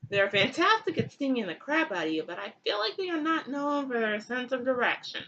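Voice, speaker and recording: Young woman, comic storyteller, irreverent, crude asides, fairly high voice, faint hiss. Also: very animated, a little fast, bright, forceful tone, highs cut off. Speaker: comedic storyteller. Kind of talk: comic myth retelling.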